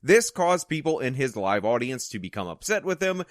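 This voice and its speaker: A man's voice: medium pitch, very animated, normal speed, no echo, studio quality. A man hosting an opinion commentary video, delivering it with sarcastic, mocking asides.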